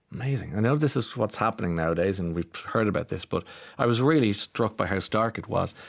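Irish male radio host, lower voice, self-mocking, rambling storyteller. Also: gravelly. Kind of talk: chatty morning radio talk.

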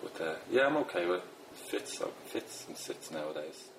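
A man's voice: deep voice, lively intonation, fairly quick, noisy background. A middle-aged Irish man with a Dublin accent, a poet chatting in a rambling, self-deprecating way with lots of fillers. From Ireland. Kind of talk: casual interview talk.

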